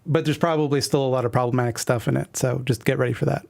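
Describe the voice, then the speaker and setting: A man's voice: medium pitch, steady tone, quick pace, creaky, darkish tone. A man streaming, reading his old webcomic aloud with wry, self-deprecating commentary. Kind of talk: casual commentary reading a comic.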